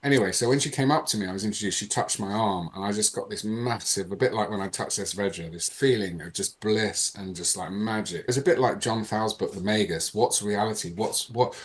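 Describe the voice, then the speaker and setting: A man, a podcast guest, telling a personal story in a lively, animated way. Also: on the low side, a little fast, few pauses. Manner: animated, reenacts dialogue in changing voices. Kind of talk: casual storytelling.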